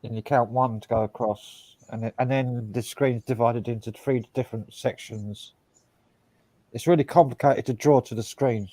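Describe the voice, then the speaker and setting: A man of middle pitch speaks bluntly in a casual chat. He swears freely and explains technical details step by step. The sound is dry and close. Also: steady tone, normal speed, dark tone, no echo.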